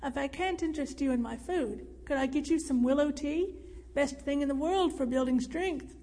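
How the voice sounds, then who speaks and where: A woman's voice: high-pitched, normal speed, mellow, close to an everyday voice. A woman voicing a burly, cheerful man who speaks in a formal, old-fashioned way. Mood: hearty. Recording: reverberant room.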